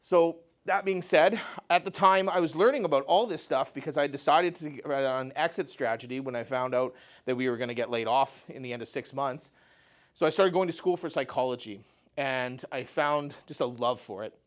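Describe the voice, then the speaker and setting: A man's voice: mid-range voice, moderate pace. A man giving a talk on mental health through a personal story. His delivery is casual and conversational, and he often adds "you know" and "right?".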